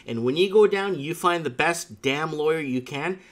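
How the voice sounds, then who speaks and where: A man's voice: a little high, normal speed. A man hosting a casual talk show, telling stories emphatically and circling back to the same catchphrases. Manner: emphatic storytelling with repeated catchphrases. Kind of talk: casual chat.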